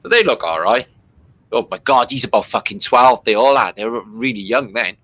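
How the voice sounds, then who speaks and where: This British man's mid-range, fairly bright voice comes through a dry recording as he comments at a moderate pace on archival war footage. His style is chatty and loose, full of swearing and ums.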